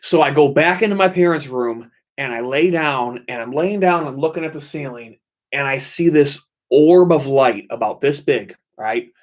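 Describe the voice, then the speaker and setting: A man with a mid-range voice and moderate pace hosts a late-night livestream and tells a ghost story intensely. He swears often and repeats himself for emphasis.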